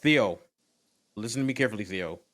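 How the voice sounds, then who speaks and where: A man's voice: fairly low pitch, lively intonation, brisk, a bit bright. A man co-hosting a podcast in casual chat, argumentative and profane. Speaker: podcast co-host.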